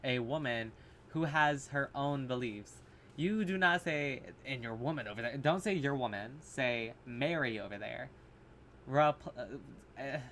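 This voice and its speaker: A man reviews a horror short in a loose, rambling monologue, with plenty of "like" and "um" and blunt swearing. His voice sits at a middling pitch, picked up by his camera's mic over a faint background hiss. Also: measured pace, fairly bright tone. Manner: rambling, filler-heavy, swearing, sarcastic. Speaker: horror reaction vlogger. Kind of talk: casual rambling commentary.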